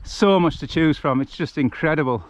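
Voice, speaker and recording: An Englishman chats as he walks down a country road, rambling through stories and laughing often. His voice sits fairly high. The outdoor recording comes from a handheld camera and sounds a little dull and lo-fi. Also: moderate pace, a little hiss or hum. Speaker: vlogger on a charity walk. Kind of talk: casual chat while walking.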